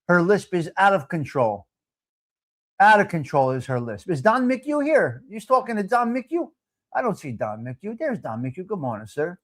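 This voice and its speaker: A man's voice: high voice, sing-song, normal speed. A man hosting a live talk show, brash and profane, repeating himself as he riffs. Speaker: host.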